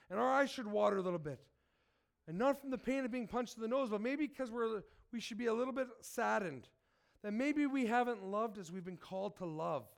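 A man who is sick, reading scripture and preaching, earnest and asking his listeners direct questions. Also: high-pitched. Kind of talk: sermon with Bible reading.

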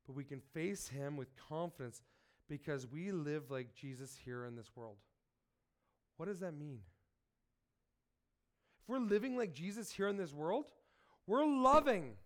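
Man, high voice, sick, preaching, earnest, asks listeners questions. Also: fairly bright tone. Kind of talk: sermon with Bible reading.

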